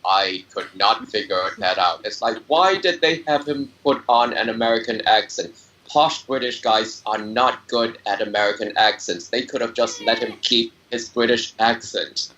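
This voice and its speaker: A man's voice: medium pitch, moderate pace, bright, forceful tone. A man in a casual panel chat, complaining with a puzzled air. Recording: distant, dull lo-fi mic.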